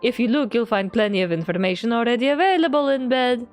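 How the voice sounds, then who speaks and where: A woman's voice: a little high, fast, faint music behind. A woman streamer reading game text aloud in a playful way with running jokes. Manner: playful, adds a running joke to every line.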